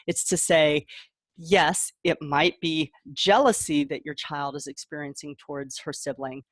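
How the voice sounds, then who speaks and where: Middle-aged woman, parent coach, lowish voice, dry close sound, chatty and laughing. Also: fairly even intonation, measured pace, no echo. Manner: warm chatty explaining, acts out kid voices, laughs often. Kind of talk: casual advice talk.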